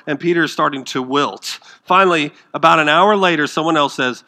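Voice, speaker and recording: A man delivers a sermon as pastor, with a fairly high, bright, forceful voice. He is dramatic, swinging from loud emphatic bursts to hushed near-whispers. He puts questions to his listeners and acts out the quoted lines. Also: normal speed.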